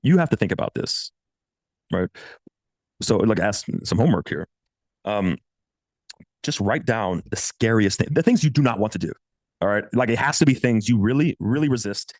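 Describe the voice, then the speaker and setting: A man's voice: normal speed, long pauses, dry recording. A man in his thirties giving blunt, profane dating advice in a casual coaching monologue. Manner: blunt, profane, animated, swings pitch for quoted voices.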